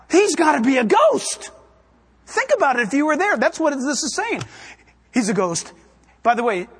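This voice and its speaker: A man preaching a sermon in a church, emphatic and impassioned, swinging between quiet asides and loud bursts. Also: extremely high pitch, slightly rough.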